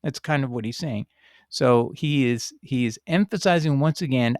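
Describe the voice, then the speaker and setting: A man's voice: mid-range voice, moderate pace, a little mellow, no echo. Emphatic, argumentative man, dry close sound. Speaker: video host answering a viewer. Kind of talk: reading a letter and commenting.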